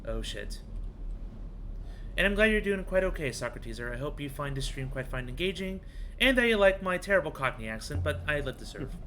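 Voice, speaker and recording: A man's voice: a little high, sing-song, brisk, pushed and bright, slight background noise. A man streaming a video game, musing aloud as he reads and translates in-game text and greets viewers in chat. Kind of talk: live gaming commentary.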